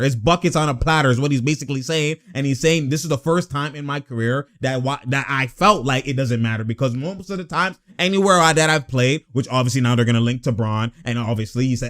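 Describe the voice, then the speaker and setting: A man's voice: fairly high pitch, a bit bright. A man hosting a casual sports talk video, ranting in a heated, slangy way. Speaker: sports commentary host.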